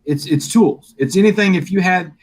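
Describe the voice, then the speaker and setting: A middle-aged man speaks at normal speed in a high-sitting voice. He's a guest on a live interview, animatedly telling a personal story and acting out the quoted dialogue.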